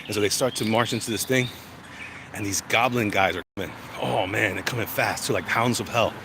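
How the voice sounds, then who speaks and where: Rambling low-voiced man on a street walk. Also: brisk. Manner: rambling, chatty, easily sidetracked. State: chesty and congested, walking on sore legs. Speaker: vlogger. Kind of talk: casual walk-and-talk monologue. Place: outdoors, walking along urban streets. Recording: loud traffic noise outdoors. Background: passing cars and street ambience.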